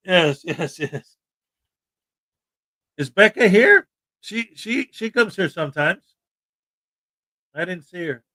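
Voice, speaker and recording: Fields: Role: livestream host, man. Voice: high, bright. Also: slightly rough. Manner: animated, joking, sudden loud bursts. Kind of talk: casual livestream chat.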